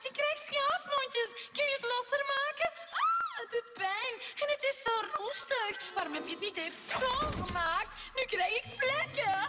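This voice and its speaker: A woman's voice: very high voice, big pitch swings, moderate pace, hardly any pauses. A woman dubbing Rarity, a prim, fussy pony lady, with underplayed whining in a cartoon. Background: loud music.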